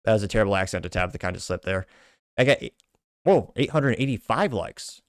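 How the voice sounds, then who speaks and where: A man's voice: fairly low pitch, expressive, a little fast, no room sound. Dry-voiced man hosting a commentary show. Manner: conversational, self-correcting with frequent fillers; sardonic asides. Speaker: show host. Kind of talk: commentary podcast reading social media replies.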